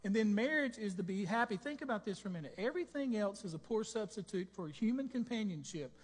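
A man preaching a sermon in a church, animated, joking and asking the congregation questions. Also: high-pitched, quick pace, big-room sound. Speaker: pastor.

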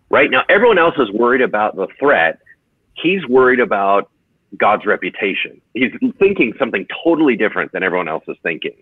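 A man who is a pastor, teaching in a conversational, energetic way on a podcast. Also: medium pitch, moderate pace, breathy edge, dry recording. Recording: tinny phone-like dry sound.

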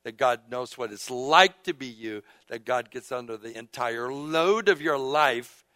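A man preaching a sermon as pastor, reading scripture aloud and calling out to the congregation, moving between hushed and emphatic delivery. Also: medium pitch, a little slow, dry recording. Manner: call-and-response with the congregation.

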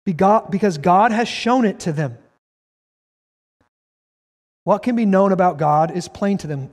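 A male pastor preaching a sermon, reading scripture aloud and pressing his points emphatically, sometimes rising to a shout. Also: high-pitched. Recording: long hall reverb.

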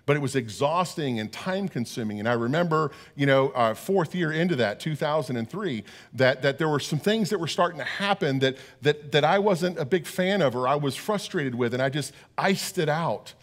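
A man's voice: fairly high pitch, lively intonation, moderate pace, hardly any pauses. A middle-aged man preaching a sermon as pastor, earnest and often repeating words as he talks.

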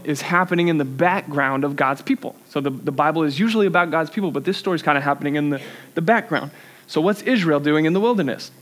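A young man preaching a sermon in a church, earnest and conversational, with self-deprecating asides. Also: a little high.

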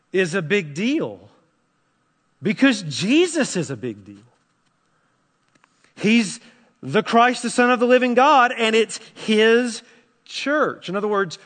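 A man preaching a sermon as pastor, impassioned and pleading, swinging between hushed and loud passages. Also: high voice. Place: church sanctuary. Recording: long hall reverb.

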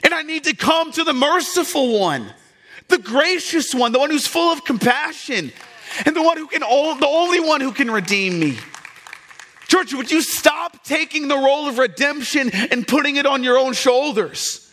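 Impassioned high-voiced male preacher. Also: lively intonation, moderate pace, a little hiss or hum. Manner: impassioned preaching, swinging from loud to hushed. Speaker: pastor. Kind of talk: sermon.

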